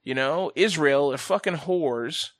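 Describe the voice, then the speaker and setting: A man hosting a casual podcast chat, ranting bluntly and profanely, his pitch and loudness swinging sharply as he gets worked up. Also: a little slow, no echo, clean studio sound. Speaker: podcast host.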